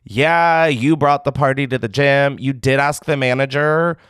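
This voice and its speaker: A man's voice: medium pitch, a little slow, a bit bright, clear, resonant tone, no room sound, studio quality. A man hosting a call-in podcast, joking and swearing in disbelief, often breaking into laughs. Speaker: podcast host. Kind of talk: casual call-in chat.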